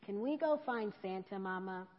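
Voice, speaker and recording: A woman's voice: mid-range voice, lively intonation, moderate pace, natural voice. A woman reading aloud, voicing a small, curious girl bear cub who asks eager, wondering questions. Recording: dull echoey church hall.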